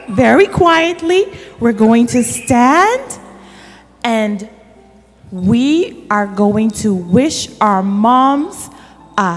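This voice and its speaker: A woman leading a children's corner in church, telling a story in an animated way that speaks directly to the children. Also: high-pitched. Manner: slow and animated, addressing children. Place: church sanctuary. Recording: reverberant church hall.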